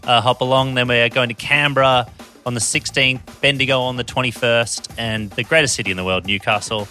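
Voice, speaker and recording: Un hombre con acento australiano que charla de forma relajada en un pódcast y a veces titubea. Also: male voice, mid-range voice, fairly even intonation, a little fast, sharp tone, soft background music. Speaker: comedian and podcast guest. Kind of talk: casual podcast chat.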